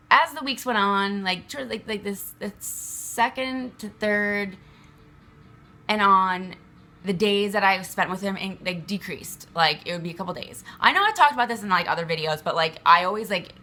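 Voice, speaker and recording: A woman's voice: mid-range voice, bright, forceful tone. A woman venting to the camera in a rambling, emphatic way, swearing often and filling her talk with fillers. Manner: agitated, emphatic. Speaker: vlogger.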